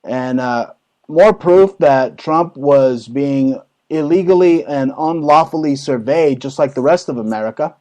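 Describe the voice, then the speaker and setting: A man's voice: on the high side, a little slow, darkish tone, rough recording. A man hosting his own talk show, ranting crudely and mockingly about politics with heavy swearing. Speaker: show host. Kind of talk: profane political rant.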